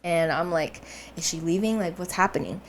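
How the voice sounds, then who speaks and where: A young woman with a fairly low voice co-hosts a podcast, telling a dream story at a moderate pace in casual chat. She brings it to life by acting out each person's voice and laughing often, with slight background noise in the recording.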